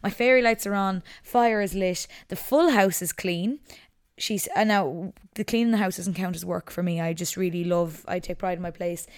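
A woman, hosting a casual solo podcast from her couch at home, chatty and animated. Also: fairly low pitch, moderate pace, clean tone. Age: 20s. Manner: chatty and animated, breaks off to scold her dog. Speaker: podcast host. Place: living room at home, on the couch.

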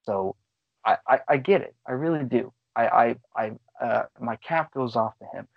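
A podcast co-host rambles excitedly about movies in casual conversation, cursing freely, his medium-pitched voice creaky and his pace moderate. The mic sits close in a dry room, and the audio comes across slightly dull and lo-fi.

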